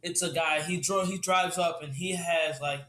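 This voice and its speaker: A man's voice: fairly high pitch, fairly even intonation, normal speed, sharp tone. A young man improvising a story, hesitant and full of fillers, laughing easily. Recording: roomy echo.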